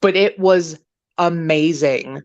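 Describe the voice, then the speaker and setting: A woman co-hosting a livestream chat show, telling gossip in a profane, animated way. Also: deep voice, takes it slowly, no echo. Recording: dull lo-fi stream audio.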